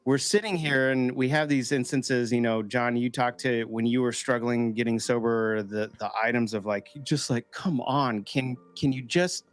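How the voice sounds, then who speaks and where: Guy hosting a sober chat, mid pitch, gets really animated, jumps up high when he acts out the angry inner voice. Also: normal speed, few pauses, clear, resonant tone. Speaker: podcast host. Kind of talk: casual recovery group chat.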